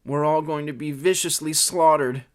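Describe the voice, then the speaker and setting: A man's voice: on the high side, steady tone, normal speed, voice pushed up, natural voice. A man voicing a gloomy, fretful male pigeon who gasps and groans. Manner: groaning, gasping.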